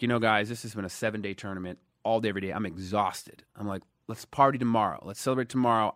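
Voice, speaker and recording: A man in his thirties from Dallas, telling stories in a casual interview, animated, swinging between loud emphasis and quiet asides. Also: fairly low pitch, no room sound, clean studio sound. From Dallas, USA. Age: 30s. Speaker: guest.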